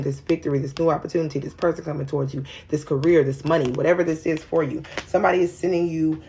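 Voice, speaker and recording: A woman runs through a tarot reading in a loose, rambling way, talking straight to her viewers with plenty of slang. Her voice sits low and has a gravelly, fry-heavy texture. A faint hiss runs under the recording. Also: warm tone. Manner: informal and slangy. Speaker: tarot reader. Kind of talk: casual tarot reading to camera.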